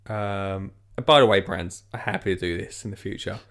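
Gravelly man chatting casually. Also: low voice, moderate pace, fairly bright tone. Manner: rambling, jokey, lots of fillers. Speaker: podcast host. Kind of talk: casual chat.

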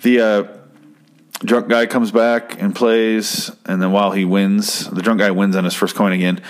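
A man's voice: on the low side, little pitch movement, moderate pace. A man casually recapping a story in a profane, rambling way, often correcting himself. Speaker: comedian recapping a show.

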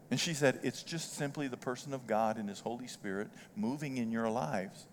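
An older man preaching a sermon as pastor, telling folksy stories with strong emotion that swells loud and high. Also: normal speed, hardly any pauses. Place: church sanctuary. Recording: church hall reverb.

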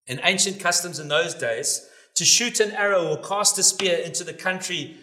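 A man preaching a sermon with a bright, forceful voice that sits a little high. He speaks emphatically and builds to loud declarations. The sound is roomy and echoing. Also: moderate pace. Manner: emphatic, rising to loud declarations when quoting scripture. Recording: echoey room.

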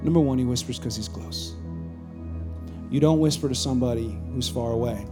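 A man preaching a sermon to his congregation, dropping to near-whispers and then rising to shouts, with call-and-response asides. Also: medium pitch, brisk, over music. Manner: swings between hushed near-whispers and loud shouts. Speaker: pastor. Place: church stage with a live congregation.

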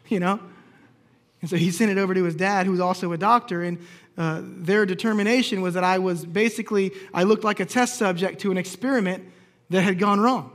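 A pastor telling a personal story in a sermon, acting out the lines of the people in it with humor. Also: male voice, high-pitched, normal speed, fairly bright tone. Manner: storytelling, acts out quoted dialogue with humor.

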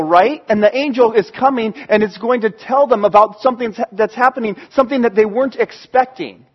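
A man telling a sermon story to an audience in an excitable, animated way. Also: very high voice, normal speed, breathy edge, dull audio. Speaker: storyteller preacher.

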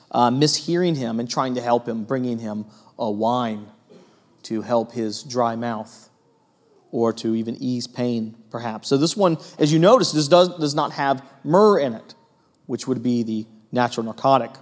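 A man preaching a sermon in an earnest way, moving between emphatic stretches and hushed ones, with frequent fillers. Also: medium pitch, expressive, a little slow. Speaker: pastor.

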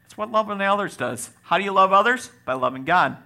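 Animated pastor with a gravelly bright voice. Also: male voice, high-pitched, fast. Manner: animated preaching with swings from loud to quiet and joking asides. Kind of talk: sermon.

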